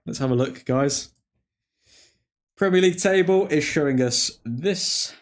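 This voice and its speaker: A man's voice: on the high side, a little slow. A man hosting a live football watchalong, chatting casually and rambling with frequent laughs and mock French phrases. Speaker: watchalong stream host. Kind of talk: casual live-stream chat.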